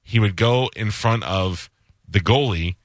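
Low-voiced rambling male radio host. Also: measured pace, no echo, clean studio sound. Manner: rambling storyteller, acts out quoted voices. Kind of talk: casual radio chat.

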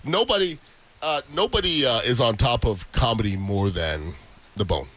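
A man's voice: mid-range voice, expressive, moderate pace, a bit bright. A man hosting a radio talk show, chatting loosely and joking with his co-hosts, callers and guests. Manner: loose, joking, rambling banter.

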